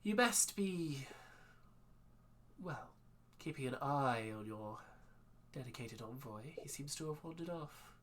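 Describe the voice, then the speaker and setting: A poised Fey woman, voiced by a dungeon master at a tabletop game, with a quiet, measured manner. She is unhurried and cool, a fairy-court host in a spoken fantasy game. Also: medium pitch, lively intonation.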